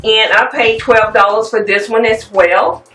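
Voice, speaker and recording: A woman's voice: a little high, steady tone, a little slow. A woman, chatting casually and rambling a little as she shows home decor finds to her viewers. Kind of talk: casual show-and-tell chat. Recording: echoey room, mic at a distance, soft music.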